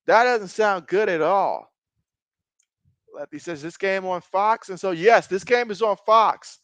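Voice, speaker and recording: A man in his thirties with a high voice calls a football game play by play on a live stream. He reads chat out loud and gets excitable when a big play happens. The sound is dry and close, with no room echo. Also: measured pace. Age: 30s. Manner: excitable, reacts loudly to plays. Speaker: live-stream sports host.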